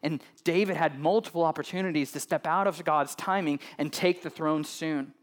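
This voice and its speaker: Chatty pastor with a fairly high voice. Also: male voice, normal speed. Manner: conversational, tags "right?" often and banters with the congregation. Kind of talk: sermon.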